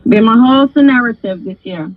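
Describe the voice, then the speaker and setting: A woman host telling a story in a casual, animated, profane way, acting out other people's lines. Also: fairly high pitch, brisk, no echo. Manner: animated, profane, acts out quoted voices. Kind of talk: casual storytelling on a live stream. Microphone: phone. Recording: dry, husky, phone-like sound.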